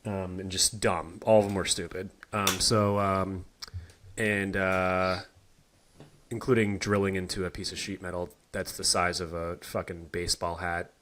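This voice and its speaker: A man's voice: deep voice, level tone, measured pace, a bit bright, a little hiss or hum. A young man in his twenties co-hosting a podcast, laid-back and profane, with lots of fillers. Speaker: podcast co-host. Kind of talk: casual podcast chat.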